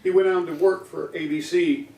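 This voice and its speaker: A man's voice: on the high side, steady tone, normal speed, gravelly. A Midwestern American man on a panel, speaking in an emphatic, conversational way. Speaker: guest speaker. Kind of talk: panel talk. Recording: roomy, distant, faint noise.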